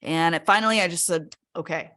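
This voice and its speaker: Conversational woman telling her story, lower voice. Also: brisk. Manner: conversational, fillers like 'like' and 'right?'; animated when quoting herself. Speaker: speaker sharing her personal story. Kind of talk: personal story told in a live webinar.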